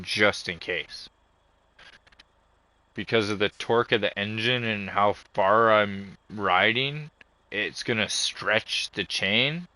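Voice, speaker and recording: A foul-mouthed man rambles through a story in casual vlog talk. His voice sits low but bright and clear, with a sharp edge. The sound is close and dry. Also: no echo. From Canada. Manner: profane, ranting storyteller. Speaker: vlogger.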